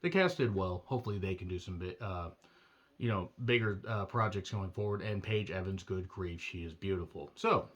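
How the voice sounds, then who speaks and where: A man's voice: sits low, moderate pace, fairly bright tone. A man giving a casual, rambling movie review with wry asides and self-corrections, his throat a little strained. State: throat strained from doing a demon voice.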